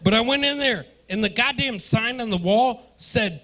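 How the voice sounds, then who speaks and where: A man works a club crowd as a stand-up comic, loud and profane. His voice sits high for a man and has a bright, sharp edge. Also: unhurried, few pauses. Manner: loud, profane, riffing with the audience. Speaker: stand-up comedian hosting the night. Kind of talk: stand-up comedy with crowd work. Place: comedy club stage.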